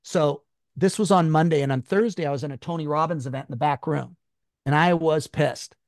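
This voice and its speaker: High-strung guy telling his story, blunt and sweary, bit of a higher voice, dry close sound. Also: fairly quick, darkish tone, no echo. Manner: emphatic, blunt, swears freely. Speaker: guest. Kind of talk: personal story in an interview.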